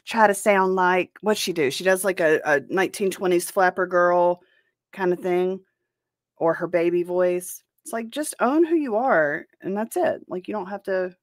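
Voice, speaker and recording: A woman's voice: on the low side, moderate pace, no echo, clean studio sound. A woman hosting a reaction commentary show, talking in a blunt and profane way. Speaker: host.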